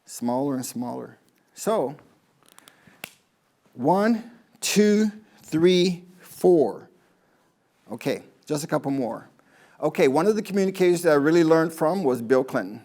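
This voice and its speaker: A man's voice: on the high side, expressive, a little fast, darkish tone. A man, a golf pro, giving a rambling motivational talk to a live audience, telling stories and asking the crowd questions.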